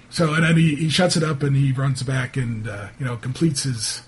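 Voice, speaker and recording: Game master, man, husky tone, halting narration. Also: medium pitch. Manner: halting, filler-heavy.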